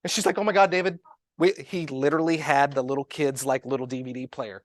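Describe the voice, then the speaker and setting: A man coaching real estate agents in a lively seminar talk, telling stories and acting out quoted dialogue. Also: medium pitch, fast talker, no room sound. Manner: animated, storytelling, acts out quoted dialogue.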